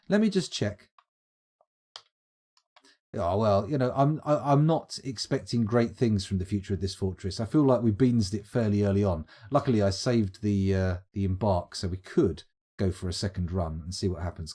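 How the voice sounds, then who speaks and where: A man's voice: medium pitch, a little mellow. A man streaming live, giving chatty, wry gameplay commentary as he thinks aloud. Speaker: streamer playing a game.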